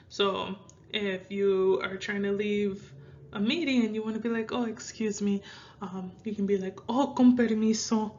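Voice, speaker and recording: A woman's voice: medium pitch, fairly bright tone, muffled recording. A young woman from Minnesota with a Midwestern American accent, teaching Spanish phrases in a casual, rambling way with many fillers. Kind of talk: casual language lesson.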